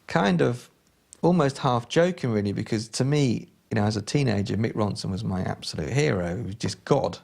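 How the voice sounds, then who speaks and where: Male interviewee, gravelly edge, hesitant storyteller who circles back on himself. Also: fairly low pitch, lively intonation, moderate pace, darkish tone. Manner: hesitant, full of fillers and restarts, storytelling. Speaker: interviewee, former collaborator. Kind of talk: anecdotal interview.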